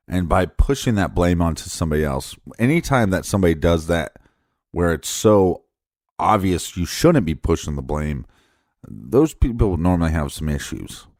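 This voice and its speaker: A man with a very deep voice co-hosts a true crime podcast. He speaks bluntly and with opinions, often with a mocking edge. His voice is recorded dry and close. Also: lively intonation, normal speed, darkish tone, dry recording. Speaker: podcast co-host.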